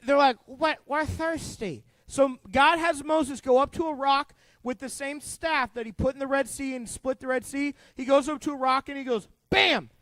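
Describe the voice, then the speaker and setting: A man with a strikingly high voice leads a youth group Bible lesson. He is animated and joking, full of asides and questions for the kids. The sound is dry, with no room echo. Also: moderate pace, few pauses. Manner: playful and joking, quizzing the kids. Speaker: youth pastor.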